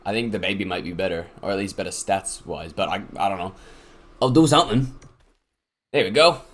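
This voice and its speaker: A man's voice: on the low side, brisk. A young man giving casual let's-play commentary at home. He gets hyped, swears freely and talks to himself and his game creatures. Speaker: gaming YouTuber and streamer.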